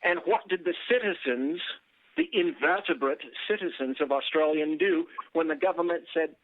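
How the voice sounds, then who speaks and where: A man's voice: on the high side, moderate pace, no room sound. A man on a political talk podcast, sardonic and wordy with formal phrasing. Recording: tinny phone line.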